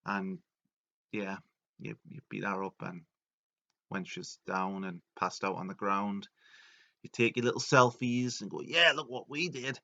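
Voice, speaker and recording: A man's voice: on the low side, a bit bright, dull audio. A man telling a comedic story, joking along and putting on silly voices for the people he quotes. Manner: jokey, puts on silly voices for quoted characters. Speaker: video narrator.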